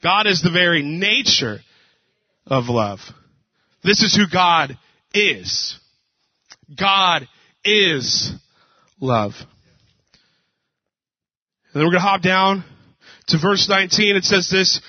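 A male pastor preaching a casual sermon, telling jokes and stories with a relaxed, conversational manner. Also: sits high, unhurried, long pauses, no echo. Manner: casual, joking storyteller. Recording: dull dry lo-fi.

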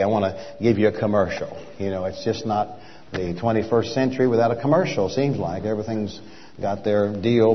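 An older man with an Oklahoma accent, a traveling minister preaching in a folksy way, repeating words and building to emphatic rhythmic points. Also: on the low side. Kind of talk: sermon. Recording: dull lo-fi church hall recording.

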